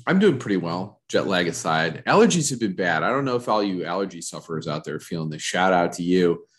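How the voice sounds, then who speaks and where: A deep-voiced man talks into a studio microphone on his own podcast. He rambles in self-mocking, repetitive riffs, his voice a little stuffy and froggy from allergies. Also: sing-song, quick pace, slightly rough. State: congested from allergies, a bit froggy. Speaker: podcast host. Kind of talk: casual solo podcast chat.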